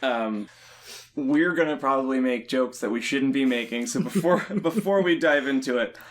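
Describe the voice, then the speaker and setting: A young man co-hosts a casual podcast chat, his voice at an everyday middle pitch. He rambles loosely, keeps joking and laughs often as he talks. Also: moderate pace. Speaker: podcast co-host.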